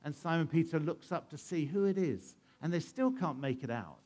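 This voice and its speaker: A man spins a Bible story for a young audience in a sermon-time talk. His voice sits a little high and swoops up and down with every turn of the tale. He keeps asking his listeners questions as he goes. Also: expressive, normal speed, darkish tone. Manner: asks the listeners questions and plays out the scenes. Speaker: church storyteller for children.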